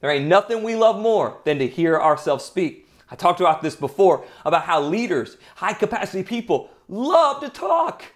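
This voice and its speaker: A man's voice: fairly high pitch, lively intonation, normal speed, hardly any pauses. A man hosting a podcast who gives an earnest, emphatic motivational talk and tells anecdotes. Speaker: podcast host.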